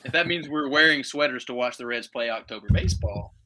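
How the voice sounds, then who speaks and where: Young guy on a sports pod, chill and wry, bright voice. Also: mid-range voice, fairly quick. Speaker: podcast co-host. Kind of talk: casual sports chat.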